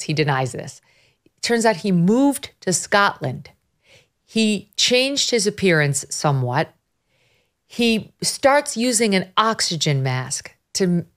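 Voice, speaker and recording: A woman hosting a podcast, telling a story in an animated way with quick asides. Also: mid-range voice. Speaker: host. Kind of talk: casual podcast commentary.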